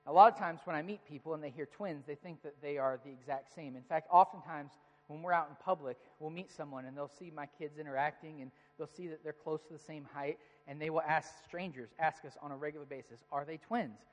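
A man in his thirties preaching a sermon, telling stories about his children and acting out their lines with animated voices. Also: on the high side, quick pace. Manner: storytelling, animated when quoting his kids. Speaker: pastor. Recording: long reverb of a large hall.

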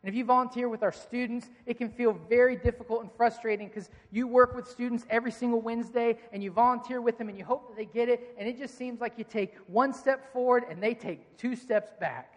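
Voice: mid-range voice, fairly even intonation, fairly quick, few pauses, long reverb tail. A preacher delivering a sermon in a church, speaking in a conversational, joking way and addressing the congregation directly. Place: church sanctuary.

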